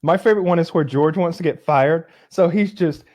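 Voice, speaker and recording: A man's voice: a little high, a little fast, highs cut off. A man co-hosting a casual podcast, telling sitcom stories with lots of swearing and acted-out lines. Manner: animated storyteller, acts out sitcom lines, swears. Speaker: podcast co-host. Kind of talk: casual chat.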